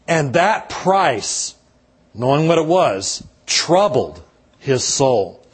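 A man, a pastor, delivering a slow, measured sermon with dramatic pauses and a husky voice. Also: a little high, very animated.

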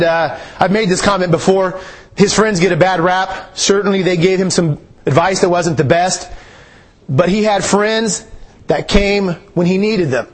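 Male preacher, husky and high-pitched, earnest and repetitive delivery. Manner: earnest, repeats phrases for emphasis. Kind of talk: sermon.

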